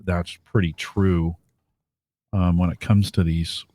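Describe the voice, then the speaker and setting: Low-voiced thoughtful podcast co-host. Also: male voice, flat delivery, dark tone. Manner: thoughtful, measured, trails off into fillers. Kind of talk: casual podcast chat.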